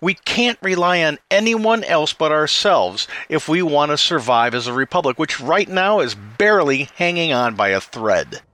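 Quick, animated man commenting on politics. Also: a little high. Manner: rhetorical questions, quick delivery.

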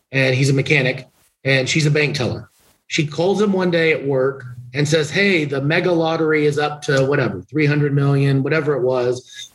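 A man's voice: on the high side, low-quality recording. A middle-aged man, a trial attorney guest on a podcast, telling a long story conversationally and slipping into the voices of the people in it. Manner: conversational, animated anecdote-telling with quoted dialogue. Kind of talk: casual storytelling interview.

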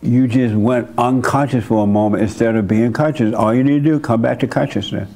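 Speaking fairly quickly in a dark, mid-range voice, an older church leader hosts a meeting and counsels a member. His spiritual advice is blunt and folksy, broken up by the occasional chuckle.

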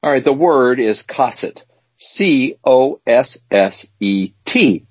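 Teasing guy co-hosting a chat show, low husky voice that swings around a lot, dull dry lo-fi sound. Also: expressive, dry recording, soft background music. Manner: teasing, reads definitions out slowly. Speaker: co-host. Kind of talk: casual chat.

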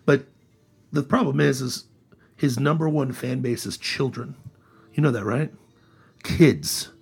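A man hosting a casual political chat podcast, sarcastic and animated. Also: medium pitch, unhurried, creaky, slightly rough. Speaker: podcast host.

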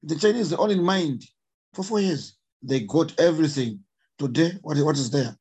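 A man's voice: a little high, moderate pace, a little mellow, husky, poor audio. A man from Zambia with a Zambian accent, an emotional conservationist guest who speaks earnestly and repeats his points for emphasis. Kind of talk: impassioned interview talk.

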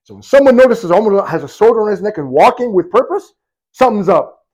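Male preacher, storytelling sermon. Lively, high voice, swings loud to hushed, acts out quotes. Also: fairly quick, breathy edge.

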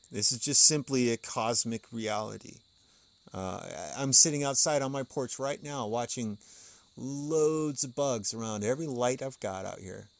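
A man's voice: mid-range voice, creaky, no echo. Man, podcast host, casual musing commentary, frequent chuckles, reads passages aloud, outdoors on a porch. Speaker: podcast host reading and explaining an occult text.

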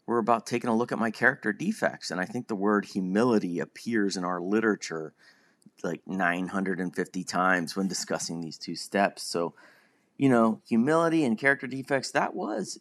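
A man's voice: fairly low pitch, gravelly, a bit bright. A man talking casually and reflectively about his own experiences, often chuckling at himself. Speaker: podcast host. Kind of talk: casual personal monologue.

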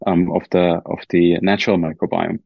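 Low husky man with a German accent. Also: little pitch movement, moderate pace, no echo, dull audio. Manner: careful, explanatory, frequent fillers and restarts. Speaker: guest scientist. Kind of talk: podcast interview.

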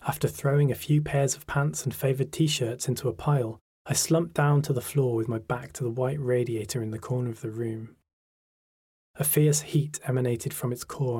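A man reading a sombre first-person memoir in a measured, quietly emotional way. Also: medium pitch, fairly even intonation, slightly rough, no echo, clean studio sound.

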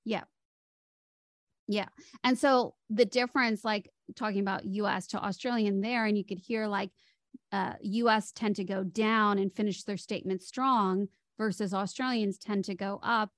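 A middle-aged American woman, appearing as a guest on a podcast interview, explains speech patterns as a voice coach. She demonstrates speech melody with her own medium-pitched voice, keeping a steady tone at a moderate pace. The studio-quality audio has no echo.

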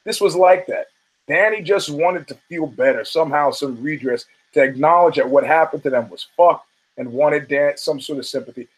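A man's voice: on the high side, moderate pace, slightly rough, low-quality recording. A man hosting his own podcast, telling rambling, profane stories and acting out the voices of the people in them. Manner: loose, swearing, acts out quoted voices. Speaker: podcast host. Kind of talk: profane storytelling monologue.

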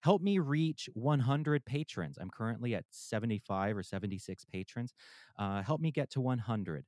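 It's a casual podcast opening with sponsor reads, hosted by a man at home who stays candid and pokes fun at himself while thanking listeners. He has a mid-range, darkish, animated voice at a moderate pace, recorded dry and studio-clean.

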